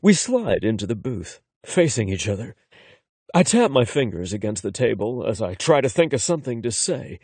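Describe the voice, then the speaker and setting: A man narrating a first-person romance audiobook in an expressive, conversational way. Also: mid-range voice, normal speed, slightly rough, no echo.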